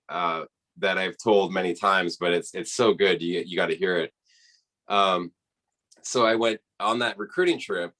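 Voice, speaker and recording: Low-voiced man telling a lively story. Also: poor audio. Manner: animated storyteller who acts out quoted people. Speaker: interview guest, rower. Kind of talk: casual storytelling interview.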